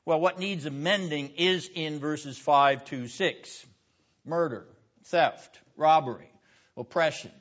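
A man's voice: on the high side, slow, fairly bright tone. A man teaching a seminary classroom lecture, stressing his points with rhetorical questions and calling on students by name. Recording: dull lo-fi classroom recording.

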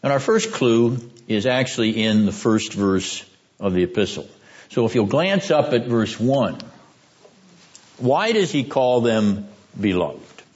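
Throat-clearing male lecturer questioning a class. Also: mid-range voice, animated, measured pace, a little mellow. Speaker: seminary lecturer. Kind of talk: classroom lecture on Greek scripture. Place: classroom with students. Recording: dull lo-fi classroom recording.

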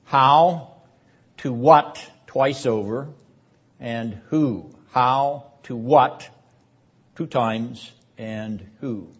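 An older man teaching a seminary class on scripture in a measured, deliberate lecture style. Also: mid-range voice, slightly rough. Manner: measured, deliberate delivery, rising in force for quoted verses. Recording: dull lo-fi lecture recording.

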